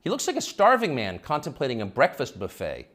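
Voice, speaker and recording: Sarcastic male host with wild pitch swings. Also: huge pitch swings, brisk, fairly bright tone. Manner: sarcastic, mocking delivery with sudden high swoops. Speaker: commentary show host. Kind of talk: scripted opinion monologue.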